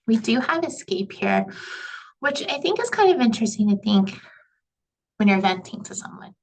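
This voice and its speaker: A young woman teaching a college communication class over slides, chatty and relaxed, often saying "like" and "you know.". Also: medium pitch, vocal fry, low-quality recording. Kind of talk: recorded lecture over slides.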